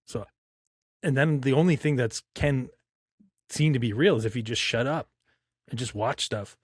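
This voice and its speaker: A man hosting a podcast muses aloud in a casual, rambling way and stops often for fillers. His voice sits at an ordinary middle pitch. The recording is dry and close. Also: no echo. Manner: reflective, rambling, with many fillers. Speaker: podcast host. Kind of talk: casual chat.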